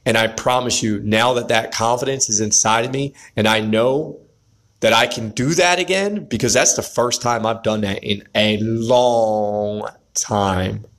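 A man's voice: lowish voice, a little slow, fairly bright tone. A man telling a story to the camera as a motivational pep talk, often checking in with "right?" and speaking straight to other men. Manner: pep-talk, addresses viewers directly, repeats "right?". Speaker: vlogger.

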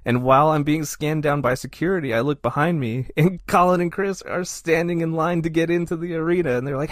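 Male podcast co-host, casual animated storyteller, dry close sound. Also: on the high side, fairly quick, no room sound. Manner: animated, self-deprecating anecdote telling.

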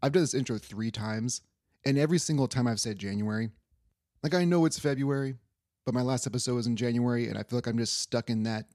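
A man's voice: medium pitch, quick pace, darkish tone, no room sound, studio quality. A young man hosting a casual sports podcast, rambling loosely and swearing offhand. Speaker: podcast host.

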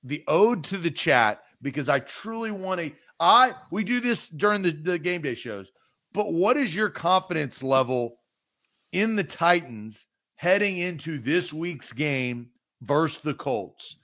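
A man hosting a live sports talk stream in a quick, conversational way. His voice sits a bit high for a man, and he runs through viewer comments in rapid bursts. The delivery stays loose and chatty. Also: animated, bright, forceful tone. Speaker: sports show host.

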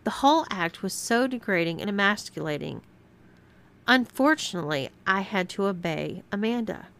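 A woman reading a scripted first-person story aloud as narrator, with expressive storytelling. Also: medium pitch, moderate pace, creaky.

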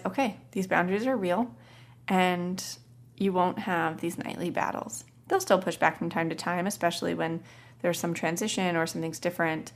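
Casting: woman podcast host, chatty parenting storyteller who acts out quotes. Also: on the low side. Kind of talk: casual podcast talk.

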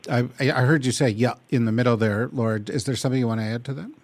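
A man's voice: medium pitch, quick pace, no echo. Wry man hosting, dry sound. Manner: wry, relaxed moderating. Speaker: host. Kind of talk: panel discussion.

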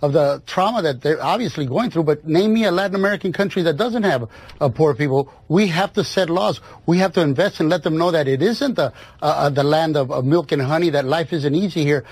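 Husky, high-voiced man debating. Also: fairly quick, a little mellow, no echo. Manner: insistent, with many fillers. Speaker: political guest.

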